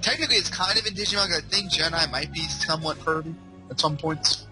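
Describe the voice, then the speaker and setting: A man's voice: fairly high pitch, quick pace, music in the background, poor audio. A young man trading quips during a casual game commentary, talking over the others. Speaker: let's play commentator.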